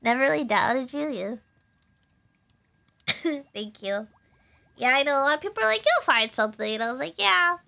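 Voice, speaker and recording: A young woman VTuber chatting on a live stream, rambling without pausing and laughing often. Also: sits high, animated, vocal fry, a bit bright. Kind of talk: casual live-stream chat.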